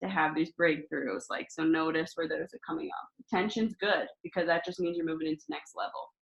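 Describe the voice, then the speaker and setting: A woman in her thirties hosting a casual astrology talk, chatty and animated, swearing freely as she tells stories. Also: sits low, brisk, creaky, rough recording. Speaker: spiritual host.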